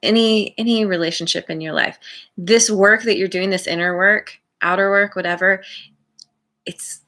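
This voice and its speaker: A woman giving a tarot reading for her channel, musing aloud in a slow, rambling way with many restarts. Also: mid-range voice, steady tone, pushed and bright. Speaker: tarot reader.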